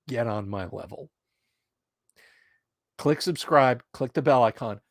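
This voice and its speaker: A middle-aged man hosting a casual livestream, rambling and hyping up his viewers with lively storytelling. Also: medium pitch, slow, long pauses, no room sound, studio quality. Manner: animated, hype-building and rambling. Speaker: livestream host.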